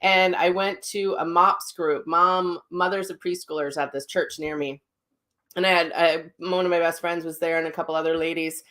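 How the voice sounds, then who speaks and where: Candid, rambling woman host, slightly low voice. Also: fairly even intonation, moderate pace, fairly bright tone. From Minnesota. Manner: candid, rambling, with frequent fillers and self-corrections. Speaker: psychic medium host. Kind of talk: casual personal talk.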